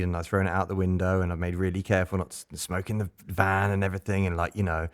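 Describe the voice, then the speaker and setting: A man with a fairly low voice tells tour anecdotes in a loose, chatty way. He jumps into quoted voices and keeps the story rolling. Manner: animated anecdotes with acted-out quotes. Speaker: band member co-hosting a podcast. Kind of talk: casual storytelling chat.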